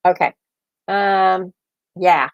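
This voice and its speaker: A woman's voice: lowish voice, extremely slow, smooth, dull audio. An older woman hosting a casual live stream, rambling and thinking aloud as she chats. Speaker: host.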